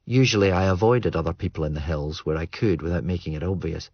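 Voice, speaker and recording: A man reading a novel aloud in measured, understated narration. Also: deep voice, husky, no echo, lo-fi sound. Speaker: audiobook narrator. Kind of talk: scripted narration.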